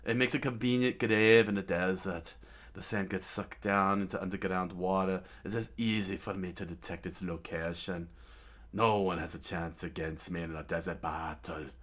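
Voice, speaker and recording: A man's voice: deep voice, steady tone, moderate pace, a bit bright. Man playing a smug, sneering desert villain. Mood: gloating. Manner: sneering, dismissive. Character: smug adult male desert villain, cold and scornful.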